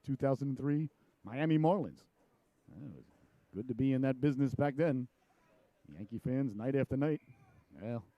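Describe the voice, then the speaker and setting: A man's voice: mid-range voice, mellow, dry recording. A middle-aged man calling live hockey play-by-play, chatty and jokey, drifting into personal stories, his voice jumping up on shots and saves. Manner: voice jumps up sharply on shots and saves.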